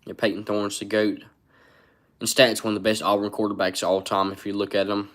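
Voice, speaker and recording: Low flat-voiced man rambling. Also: a little fast. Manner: rambling, reads chat comments aloud. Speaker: sports livestreamer. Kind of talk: casual live-stream commentary.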